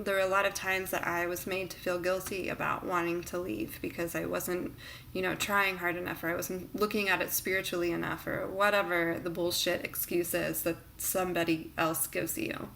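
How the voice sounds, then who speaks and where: A woman talking earnestly and reflectively in a personal vlog, with many pauses and fillers. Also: on the low side, pushed and bright, a little hiss or hum. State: emotional near the end. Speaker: vlogger.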